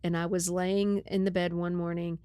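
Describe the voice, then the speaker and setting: A woman's voice: on the low side, moderate pace, clean tone, no room sound. A woman hosting a podcast, telling a story in casual chat, often saying "right?" and "like". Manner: animated, often says "right?" and "like". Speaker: podcast host.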